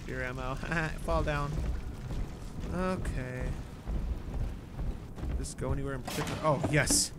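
A woman from Canada giving casual, playful commentary while playing a game, swearing and shouting when startled. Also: a bass voice, steady tone, a little slow, pauses often, very noisy. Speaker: let's play host.

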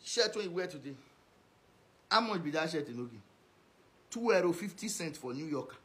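A man's voice: fairly high pitch, lively intonation, normal speed, fairly bright tone. A man with a Nigerian Pidgin accent delivering a ranting video message, scolding and insulting someone over and over. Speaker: social media commentator.

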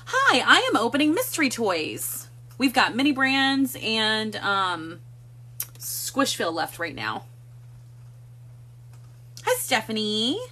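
A woman's voice: a little high, sing-song, slow pace, pauses often, bright, forceful tone. A woman hosting a casual live stream from home on a phone, chatting and greeting viewers by name one after another. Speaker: livestream host.

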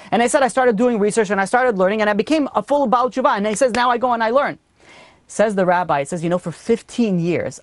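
A man's voice: high-pitched, lively intonation, quick pace, no room sound. Dry-voiced man giving a Torah talk. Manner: storytelling, rising with emphasis on key points. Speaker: rabbi. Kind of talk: Torah lecture.

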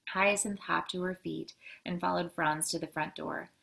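A woman educator reading a children's novel aloud, expressive with occasional slips. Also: fairly low pitch, normal speed, creaky.

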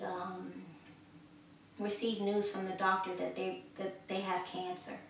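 An earnest woman delivers a sermon, repeating her phrases and rising in force as she exhorts. Her voice sits at a middle pitch and is caught from some way off the mic. It rings around a strongly echoing room with a faint hiss underneath. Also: fairly bright tone. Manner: earnest, repeats phrases for emphasis, swells in volume when exhorting. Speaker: preacher. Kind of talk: spoken sermon. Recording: echoey room, from a distance.

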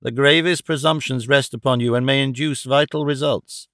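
A man's voice: medium pitch, steady tone, fairly bright tone, no room sound, clean studio sound, natural voice. A man voicing a formal court president. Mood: stern. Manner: formal and measured. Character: attentive, benevolent male court president, formal.

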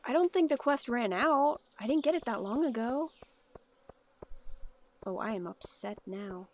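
A woman's voice: on the high side, expressive, measured pace, a little mellow. A woman casually narrating her gameplay, chatting and exclaiming at the characters on screen. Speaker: let's play gamer.

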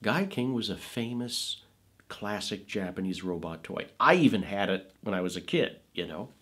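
A man's voice: lowish voice, lively intonation, moderate pace, fairly bright tone, slightly rough. A middle-aged man, a film producer and voice actor, telling stories about his career in an interview, rambling with many asides and restarts. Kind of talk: conversational interview storytelling.

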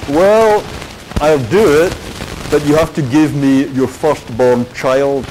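Guy reading out a sly little fairy-tale imp, slow and deliberate. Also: a little high, darkish tone, slight background noise, rough recording. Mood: bargaining.

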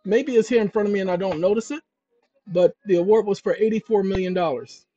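A man's voice: high voice, fast. A man hosting a channel, explaining legal procedure to viewers in an emphatic, conversational way and thinking aloud as he looks through documents. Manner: emphatic, addresses viewers as ladies and gentlemen. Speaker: channel host. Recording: dull lo-fi dry recording.

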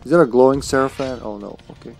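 A man streaming a video game live, cursing and joking at the enemies while he plays, with a sore throat he keeps clearing. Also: medium pitch, quick pace, faint music behind. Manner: swears freely and jokes at the game. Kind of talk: casual live gameplay commentary.

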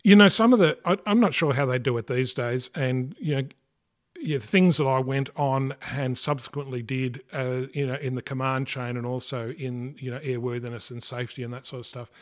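Storytelling in a casual interview, an older male guest from Australia, a former air force fighter pilot, speaks with a mid-range voice and an Australian accent. He stops and starts, uses lots of fillers, rambles and corrects himself. Easy laughter comes often.

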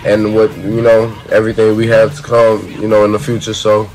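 A musician with a lowish, fairly flat voice talks in a laid-back way, thanking someone and wishing them a happy birthday. Faint music sits behind him. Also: male voice, fairly quick, low-quality recording. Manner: relaxed, grateful, frequent you know. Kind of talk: recorded birthday message.

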